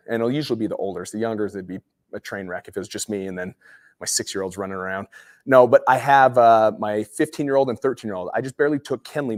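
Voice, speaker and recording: A man's voice: on the low side, no echo. A man in his forties from Utah, a guest speaker giving a motivational talk with personal stories in a casual, rambling way. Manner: casual, rambling storyteller with many fillers.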